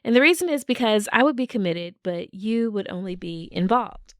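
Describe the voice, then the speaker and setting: A woman voicing a male pig from a fable, speaking calmly as she retells the story. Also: mid-range voice, normal speed, dry recording, studio quality, close to an everyday voice. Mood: thoughtful.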